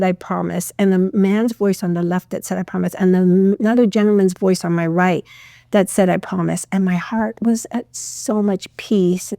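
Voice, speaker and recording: A middle-aged woman tells her own story as a podcast guest, pouring feeling into it and voicing the people she quotes. Her voice sits at an ordinary pitch. It is recorded dry and close, with no room sound. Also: no room sound. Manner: heartfelt, expressive retelling with acted-out quotes. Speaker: guest, pharmacist. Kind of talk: personal storytelling in a podcast interview.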